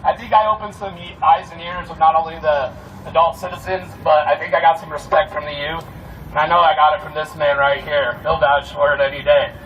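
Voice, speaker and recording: A man's voice: on the high side, flat delivery, a little fast, a bit bright. Fired-up man rallying a street crowd. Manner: profane, heated, rallying. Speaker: protest security volunteer. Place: outdoor street protest at night. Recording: distant mic with street noise.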